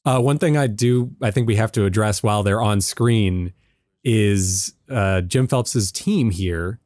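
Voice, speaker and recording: A man's voice: lowish voice, a little slow, a little mellow, no echo, studio quality. A young man co-hosting a casual film commentary, joking around and now and then slipping into a silly Southern drawl. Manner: jokey, riffs with put-on Southern drawl bits.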